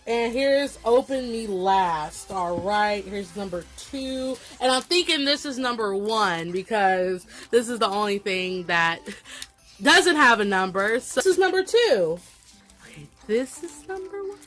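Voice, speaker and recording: A young woman with a slight Southern country accent, unboxing a gift package in a casual vlog and gushing over each item with excited exclamations. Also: mid-range voice, measured pace, faint music behind.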